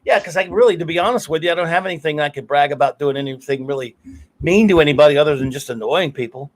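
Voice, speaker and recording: A man's voice: on the high side, fast. A middle-aged man hosting a casual live stream, telling rambling stories, cursing freely and laughing often. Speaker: podcast host.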